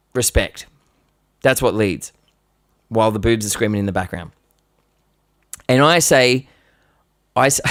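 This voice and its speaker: Animated man telling a story. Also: a little high, clear, resonant tone, dry recording, clean studio sound. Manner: animated storyteller with many restarts who swears. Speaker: musician live-streaming. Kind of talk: casual storytelling. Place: studio. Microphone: live-stream microphone.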